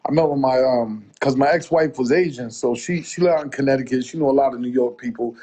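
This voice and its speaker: A middle-aged music promoter from the Boston area chats as a guest on a video-call interview, rambling through stories and acting out what people said with quoted asides. His voice is medium-pitched, fast, and husky.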